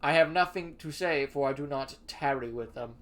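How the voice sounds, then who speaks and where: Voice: mid-range voice, moderate pace, a bit bright, natural voice. Streamer reading as a guilty talking tree. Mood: wary. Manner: archaic, formal speech with pleading denials. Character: timid, guilty talking tree in a fantasy wood. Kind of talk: reading game dialogue aloud.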